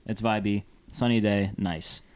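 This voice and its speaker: A man's voice: on the low side, steady tone, unhurried, a little mellow, clean tone. A young man from Phoenix, co-hosting a podcast and telling a story in a casual, rambling way with plenty of fillers. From Phoenix, Arizona. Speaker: podcast co-host. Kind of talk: casual chat.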